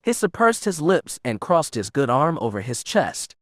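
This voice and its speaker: A man narrating an audiobook in a steady, even storytelling manner. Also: a little high, normal speed, dry recording, studio quality. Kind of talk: scripted narration.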